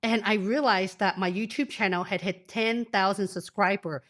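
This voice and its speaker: A woman's voice: mid-range voice, fairly even intonation, moderate pace, fairly bright tone. A woman in her forties hosts a live stream from a home office, speaking through a desk mic. She is under the weather, sniffly and near tears. She talks straight to her viewers in an effusive, emotional way. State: sick, sniffly, tearful. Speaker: career coach.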